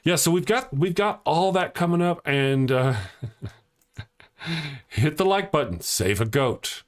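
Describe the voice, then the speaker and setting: A man's voice: fairly high pitch, lively intonation, unhurried. A man hosting a casual live-stream show, rambling and joking, laughing often at his own jokes and teasing viewers as he reads their comments. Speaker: livestream host.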